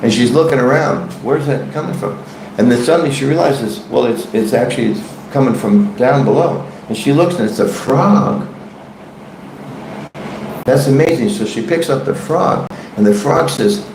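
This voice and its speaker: Gravelly male scripture teacher, echoey hall. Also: mid-range voice, moderate pace, noisy background. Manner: conversational, joking, asks the audience questions. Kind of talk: devotional scripture class. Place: temple class hall. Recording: echoey room.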